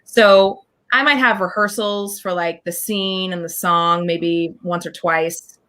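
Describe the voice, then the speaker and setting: A woman guest talking in an animated, casual interview, scatting rhythms and acting out what others said. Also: fairly low pitch, slow. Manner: animated, scats dance counts, acts out quotes. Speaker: guest performer.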